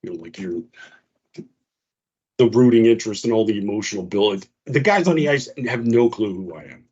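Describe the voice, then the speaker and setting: Man, radio co-host, husky voice, dull lo-fi sound, casual storytelling. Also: on the low side, moderate pace. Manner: animated storyteller, acts out quotes in a raised voice.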